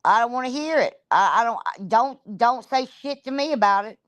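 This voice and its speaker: A woman ranting on a livestream, blunt and profane, cursing freely as she calls people out. Her voice sits a little high, and the sound is dry and close with no room echo. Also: expressive, a little fast, a bit bright. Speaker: streamer.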